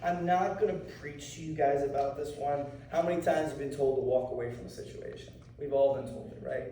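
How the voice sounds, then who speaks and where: A man's voice: fairly high pitch, fairly quick, mellow, a little hiss or hum. Man teaching a class in an echoey room. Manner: casual, keeps checking in with "okay?". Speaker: martial arts instructor. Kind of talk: anti-bullying talk to a class. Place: school room with students. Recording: echoey room, mic far off.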